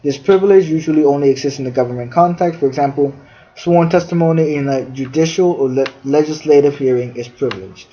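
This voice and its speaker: A mellow, higher-pitched male voice speaks fast as a podcast host reading facts during a discussion. He goes through definitions from a fact sheet with many fillers. The recording has a dull, lo-fi quality.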